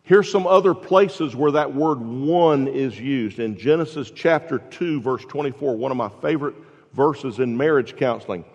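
A man pastor delivering a sermon, asking the congregation questions and dropping from loud emphasis to hushed tones. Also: medium pitch, moderate pace, muffled recording. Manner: preaching with rhetorical questions, swings from loud to hushed. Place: church sanctuary. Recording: long reverb in a large hall.

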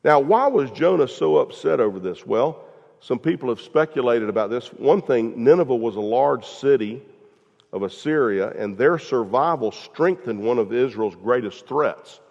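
A man's voice: medium pitch, lively intonation, moderate pace, vocal fry, darkish tone. A man preaching a sermon in a folksy, conversational way, talking straight to his congregation with frequent asides. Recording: echoey hall, dull lo-fi sound.

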